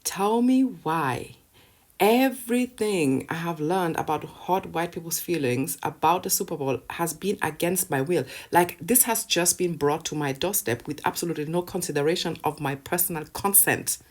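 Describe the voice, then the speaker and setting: A woman's voice: on the low side, normal speed, hardly any pauses. A woman vlogger ranting casually to camera, sarcastic and profane, with bursts of laughter between points.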